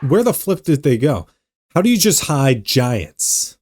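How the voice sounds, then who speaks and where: A young man hosting an anime reaction video, talking casually with animated exclamations and stammered repeats. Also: fairly high pitch, unhurried, noisy background.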